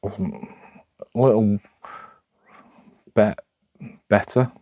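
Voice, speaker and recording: Slow, deep-voiced Sheffield man rambling. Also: fairly even intonation, darkish tone, dry recording, clean studio sound. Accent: Sheffield, Yorkshire. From Sheffield, England. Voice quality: rough, broad local speech. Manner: rambling, halting, many restarts. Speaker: vlogger. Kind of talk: unscripted talk to camera.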